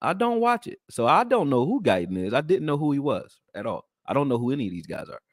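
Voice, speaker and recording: A man hosting a casual sports talk show, talking in slang and swinging from loud high exclamations to low mutters. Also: very animated, fast talker, no echo, clean studio sound. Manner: slangy, conversational.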